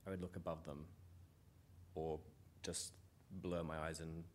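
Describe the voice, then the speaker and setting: A man with a New Zealand accent, a comedian chatting casually and telling animated stories. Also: a bass voice, unhurried, a little hiss or hum. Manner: animated storyteller, slips into quoted voices. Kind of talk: casual chat.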